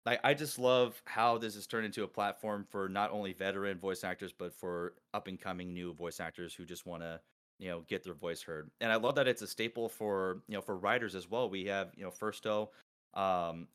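A man hosting a casual group call, talking excitedly and rambling with many restarts. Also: low voice, fairly quick, clean tone. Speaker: podcast host and collab organizer.

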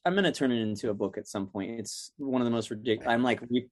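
A young man telling stories in a casual chat, animated, acting out the people he quotes. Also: mid-range voice, fast talker, no room sound, clean studio sound. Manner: animated, acts out quotes in other voices.

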